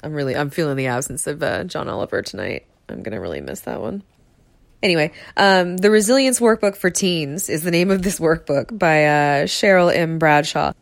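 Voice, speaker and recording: A woman's voice: low-pitched, expressive, normal speed, creaky. A woman chatting casually to her listeners from her bed, rambling and self-deprecating, laughing often, recorded close to the mic. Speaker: comfort audio creator. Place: bedroom, on her bed with her dogs.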